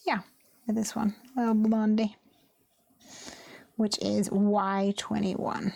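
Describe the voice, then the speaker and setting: A woman hosting a live crafting stream, chatting casually and laughing often as she tells stories and works, sometimes muttering quietly to herself. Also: medium pitch, little pitch movement, slow, vocal fry. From United Kingdom. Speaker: craft livestream host. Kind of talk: casual chat while crafting.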